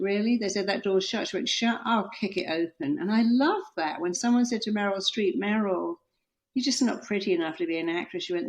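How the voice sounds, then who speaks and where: A middle-aged woman author, a guest on an interview podcast, telling stories with lively quoted voices. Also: fairly low pitch. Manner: animated storytelling, acting out quoted voices.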